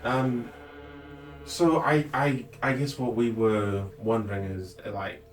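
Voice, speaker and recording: A man's voice: mid-range voice, steady tone, takes it slowly, reverberant, recorded from a distance, soft background music, close to an everyday voice, poor audio. A man voicing a careful, diplomatic female survivor in a tabletop game.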